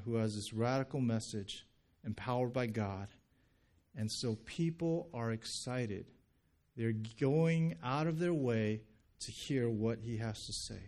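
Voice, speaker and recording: A man pastor preaching a sermon, animated, acting out people's reactions and reading scripture aloud. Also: medium pitch. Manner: animated, acts out quoted reactions.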